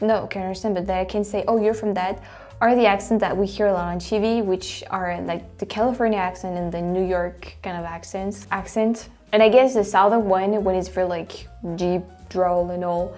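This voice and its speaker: In casual vlog commentary, a woman whose native language is French speaks with a French accent in a dark-toned, medium-pitched voice. As host, she thinks out loud, frequently restarting and using filler words.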